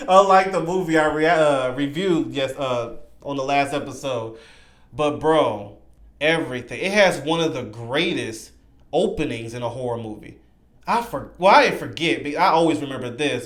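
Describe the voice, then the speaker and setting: A man reviews a horror movie in a casual, excitable ramble, circling back and repeating himself. His voice sits a little high. The recording has a roomy echo.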